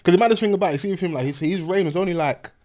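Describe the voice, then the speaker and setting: A young man, co-hosting a podcast in slangy, animated casual chat and laughing often. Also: high-pitched, racing. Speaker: podcast co-host.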